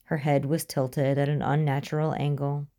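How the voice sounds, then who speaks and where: Low, dark-toned woman narrating. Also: flat delivery. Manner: measured, suspenseful storytelling. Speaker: audiobook narrator. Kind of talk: scripted narration.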